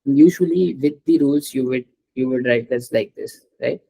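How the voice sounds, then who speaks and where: A man's voice: medium pitch, moderate pace, gravelly, mellow, husky, rough recording. A man teaching French in a one-on-one lesson, patiently explaining rules step by step and asking his student to read aloud.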